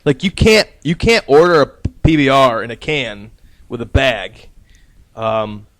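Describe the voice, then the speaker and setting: A man's voice: medium pitch, very animated, measured pace, a bit bright. A man hosting a casual podcast, telling a rambling, profane anecdote and laughing at his own story. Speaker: podcast host.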